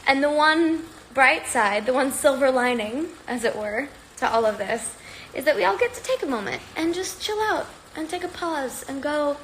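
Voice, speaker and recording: A woman's voice: on the high side, a bit bright, a little hiss or hum, poor audio. A woman chatting casually on a livestream from home, rambling and upbeat while slightly out of breath from exercising. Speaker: livestream host.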